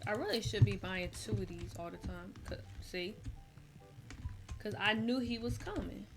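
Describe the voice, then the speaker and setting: A young adult woman streaming a game, tired and chatting in a rambling, relaxed way full of slang. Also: mid-range voice, moderate pace, over music. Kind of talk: casual gameplay chat.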